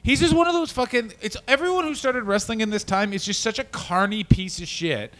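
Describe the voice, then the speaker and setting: A man co-hosting a comedy wrestling podcast, talking loosely and swearing as he riffs. His voice sits a little high for a man and sounds dry and close, with no room around it. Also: fairly quick, a bit bright, no room sound. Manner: profane, riffing, breaks into silly mock accents. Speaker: podcast co-host. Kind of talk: casual comedic chat.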